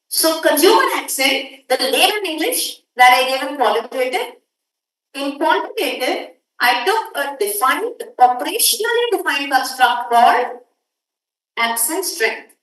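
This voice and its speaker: A woman teaching a workshop, lecturing students and briskly telling them to hurry up. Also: high-pitched, expressive, a bit bright. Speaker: workshop instructor. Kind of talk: classroom lecture. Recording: echoey room audio from far off.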